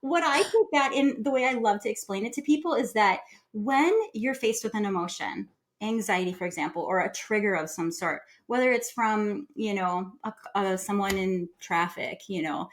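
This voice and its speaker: Woman, wellness expert, podcast guest, calm, soothing, guiding, medium pitch. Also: moderate pace, few pauses. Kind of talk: casual conversational interview.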